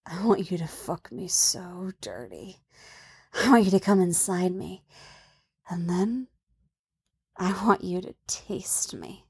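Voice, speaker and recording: A proud young princess with a teasing edge, her voice dropping to a soft hush or a bare whisper, as a woman reads her in a spoken story. She speaks at an unhurried, lingering pace, sitting in a middle register. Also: mid-range voice. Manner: soft, hushed, often whispered.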